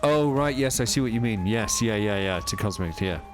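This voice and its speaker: A man's voice: fairly low pitch, expressive, normal speed, over music. A man live streaming a video game, chatting casually and rambling as he answers viewers' questions while he plays. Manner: chatty, reads and answers chat while playing; rambling, many fillers.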